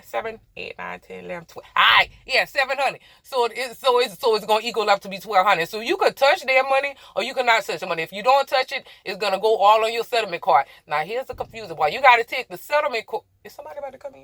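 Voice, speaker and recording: A young woman talks to her viewers from the cab of her truck. Her voice is bright, and the sound is dry and close. She rambles, apologizes for losing the thread, and laughs at herself as she explains. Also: on the high side, expressive, fast talker, hardly any pauses, no echo. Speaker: truck driver vlogger. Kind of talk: casual chatty explainer vlog.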